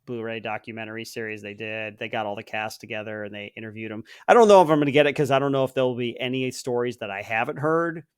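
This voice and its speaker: A man's voice: medium pitch, fast talker, hardly any pauses, smooth. A man co-hosting a podcast, chatty and agreeable, laughing often. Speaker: podcast co-host. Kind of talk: casual podcast chat.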